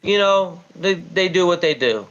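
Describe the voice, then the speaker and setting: Male stream host, slightly high pitch, stammering and animated in debate, dull lo-fi sound. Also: measured pace. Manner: stammering, repeats himself, animated storytelling. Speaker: livestream host. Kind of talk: heated debate.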